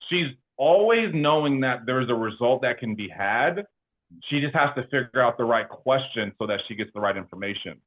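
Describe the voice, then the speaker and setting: A man's voice: mid-range voice, animated, moderate pace. Man on a tinny call line, coaching. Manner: coaching tone, checks in with "okay?" and "makes sense?". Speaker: insurance agency owner. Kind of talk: interview guest.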